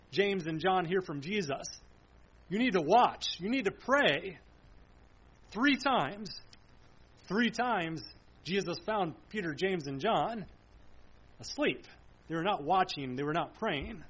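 A man's voice: high-pitched, fairly bright tone, lo-fi sound. A man preaching a sermon in a solemn, emphatic way, repeating phrases and asking rhetorical questions.

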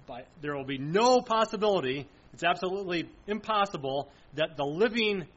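High-voiced preacher teaching scripture, lo-fi. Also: male voice, lively intonation, moderate pace, a bit bright. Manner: explanatory, asks and answers his own questions, emphatic. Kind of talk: verse-by-verse Bible teaching. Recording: dull lo-fi sound.

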